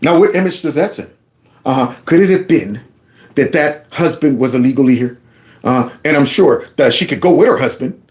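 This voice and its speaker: A man's voice: medium pitch, normal speed, a little mellow. A man hosting his own channel, giving opinionated commentary over clips, talking emphatically with lots of rhetorical questions and colloquial speech.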